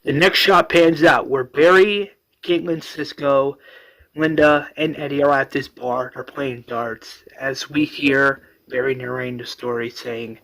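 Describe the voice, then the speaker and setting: A man's voice: mid-range voice, fairly even intonation, measured pace, a bit bright, low-quality recording. A man casually retelling a fan-made superhero story, rambling and using many fillers.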